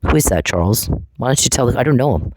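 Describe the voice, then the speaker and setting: A man's voice: medium pitch, animated, fast, background noise. A man delivering an angry, confrontational monologue, taunting and swearing at the people he addresses.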